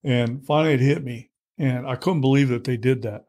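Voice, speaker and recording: A man's voice: medium pitch, normal speed. A man in his sixties, an interview guest, candidly telling his story in a blunt, salty way and acting out the quotes. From United States. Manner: blunt, salty, animated retelling with acted quotes.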